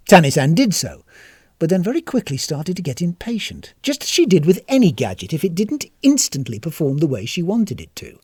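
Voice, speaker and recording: Brief: expressive storybook reader, very lively pitch, slightly husky, dry close sound. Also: fairly quick, no room sound. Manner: wry, expressive. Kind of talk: scripted storybook narration.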